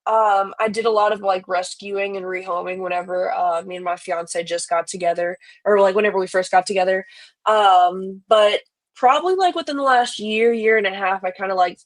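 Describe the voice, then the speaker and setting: A woman's voice: mid-range voice, steady tone, normal speed. A young woman with a light Louisiana accent, a podcast guest chatting casually in a laid-back, rambling way. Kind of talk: casual chat.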